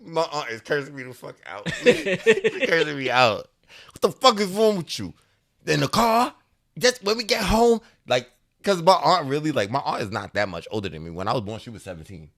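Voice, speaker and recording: Slightly high and slightly quick, a man in his thirties narrates a story as a podcast co-host. It's casual chat, and he brings it to life by imitating the voices, laughing frequently.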